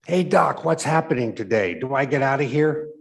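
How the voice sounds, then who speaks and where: A man voicing a wounded young male soldier patient, calling out loudly and pleading to go home. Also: medium pitch, animated, normal speed, vocal fry, pitched above the performer's own voice. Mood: eager.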